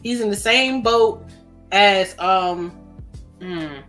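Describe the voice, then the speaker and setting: A woman co-hosting a casual podcast chat, expressive and quick to laugh. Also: mid-range voice, faint music behind. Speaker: podcast co-host.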